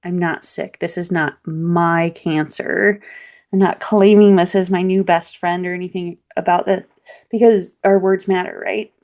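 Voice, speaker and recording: A woman guest on a podcast interview, telling a personal story in a lively, candid way. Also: lowish voice, a little slow. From Michiana region, US Midwest. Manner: lively, animated storytelling with laughs and voiced quotes. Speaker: podcast guest, local practitioner.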